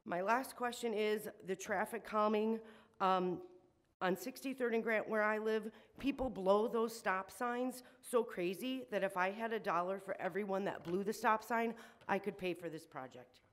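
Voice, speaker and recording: A woman's voice: medium pitch, normal speed. Woman resident, emotional and shaky, exasperated public comment at a council meeting. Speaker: resident speaking at public hearing. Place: city council meeting room.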